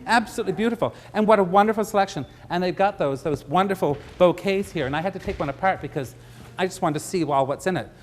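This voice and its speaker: A man's voice: high voice, fast, slight background noise. A middle-aged man giving a live floral design demonstration, chatty and joking with his audience. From Canada.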